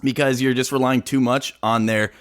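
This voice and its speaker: A man's voice: medium pitch, steady tone, normal speed, clear, resonant tone. A man appearing as a guest on a podcast, chatting in a laid-back, agreeable way. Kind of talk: casual chat.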